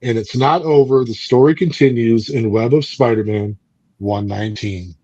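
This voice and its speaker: A man's voice: mid-range voice, steady tone, normal speed, warm tone, dry recording, muffled recording. A man hosting a book club podcast, casually recapping and reviewing a comic in a rambling way, with many fillers and restarts.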